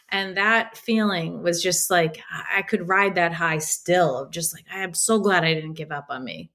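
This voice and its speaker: A woman in her thirties, a podcast guest telling a story in an animated, emotional way, acting out her own quotes and swearing freely. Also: fairly low pitch, normal speed, hardly any pauses. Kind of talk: casual storytelling.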